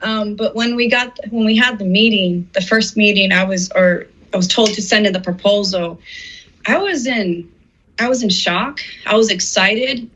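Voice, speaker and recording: A woman's voice: medium pitch, normal speed, a bit bright. A middle-aged woman being interviewed, telling her personal story in an earnest, emotional way and acting out the words of people she quotes. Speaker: interviewed artist. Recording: slightly dull, muffled audio.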